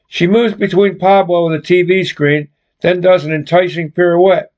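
A man reading a chapter of his novel aloud as narrator, in plain, unhurried storytelling, on a dull lo-fi recording. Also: sits high, steady tone, darkish tone. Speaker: audiobook narrator and author.

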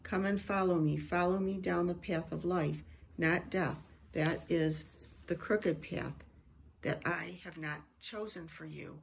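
A middle-aged woman who gives Christian prophetic messages reads a prophetic word and describes a vision, slowly and reverently. Her voice is fairly low and creaky, with a little hiss or hum on the recording.

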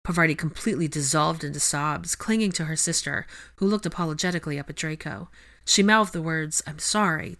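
A woman narrating a fan fiction chapter in a steady, measured storytelling manner. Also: low voice. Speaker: audiobook reader.

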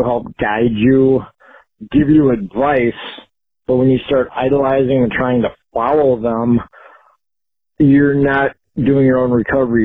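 A man calling in to a podcast and giving earnest, measured advice. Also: mid-range voice, no echo. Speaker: caller. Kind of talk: phoned-in comment. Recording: phone line.

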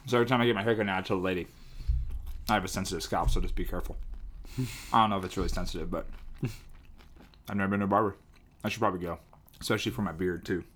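A young man in casual chat, easygoing, quick with reactions and asides. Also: low-pitched, fairly bright tone, slight background noise.

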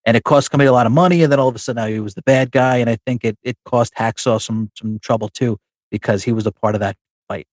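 A man's voice: mid-range voice, fairly even intonation, fast talker, no room sound. A man co-hosting a casual podcast, telling a long story with many restarts and fillers. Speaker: podcast co-host. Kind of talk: casual chat about wrestling figures.

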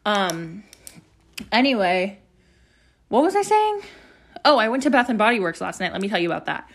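Expressive and a little fast, her medium-pitched voice has vocal fry and a fairly bright tone. This young adult hosts a podcast from home, chatting aimlessly with plenty of "like" and cursing.

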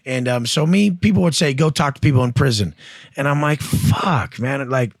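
A man speaks at a moderate pace with medium pitch, recorded in clean studio sound without room noise. He's a guest entrepreneur and coach sharing blunt, profane anecdotes in a relaxed interview, imitating the people he describes.

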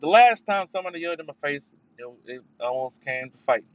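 A man's voice: on the high side, lively intonation, quick pace. A man hosting a casual solo podcast, rambling and swearing, with sudden emphatic bursts. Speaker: podcast host. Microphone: headphones mic. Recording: dull lo-fi sound with faint noise.

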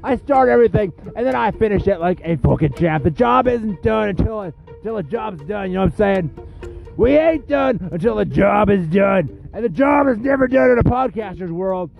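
A man's voice: high voice, animated, normal speed, gravelly, dull audio, soft background music. A man with a cold hosting a podcast, rambling and cursing through sarcastic trash talk. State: sniffling with a cold. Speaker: podcast host. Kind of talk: rambling crude comedic monologue.

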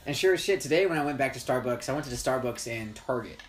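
A man's voice: medium pitch, lively intonation, fast. A young man hosting a podcast, rambling through casual stories with a lot of swearing. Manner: rambling, profane storyteller. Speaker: podcast host. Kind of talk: casual chat.

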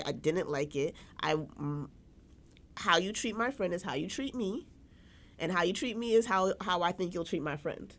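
Woman, podcast co-host, casual chat, somewhat low voice, candid and emphatic, restarts sentences. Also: expressive, fairly quick.

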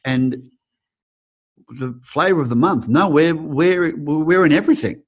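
Expressive Australian man, acting teacher. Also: fairly high pitch, unhurried, breathy edge. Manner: expressive, acts out quoted people, frequent restarts. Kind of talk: interview answers, storytelling.

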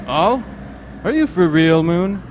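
An actor playing a cocky, taunting street pimp in a game scene, over city street noise. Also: male voice, sits high, animated, slow pace. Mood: swaggering. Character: swaggering street pimp with cane sword.

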